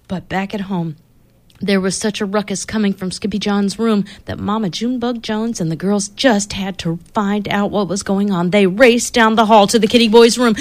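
A woman reading a children's storybook aloud, expressive and dropping to whispers for suspense. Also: medium pitch, moderate pace, no room sound.

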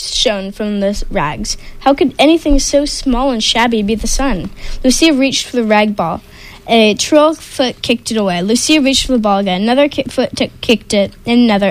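A woman reading a picture book aloud, expressive, with small slips. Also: on the high side, low-quality recording. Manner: expressive, with sound effects. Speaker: storyteller.

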